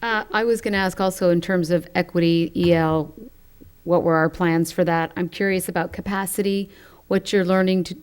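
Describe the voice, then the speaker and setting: A woman's voice: lowish voice, steady tone, normal speed, smooth. A woman, a school board trustee, asking curious, upbeat questions at a meeting.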